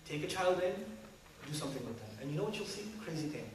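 A man preaching to a congregation in an animated way, acting out quotes and laughing. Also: fairly high pitch, quick pace. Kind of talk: sermon to a congregation. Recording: echoey hall, distant mic, background hum.

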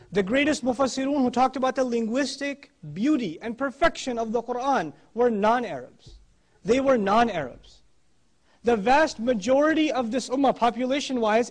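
A man giving a religious talk, emphatic and repeating his key phrases for weight. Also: extremely high pitch. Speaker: Islamic speaker.

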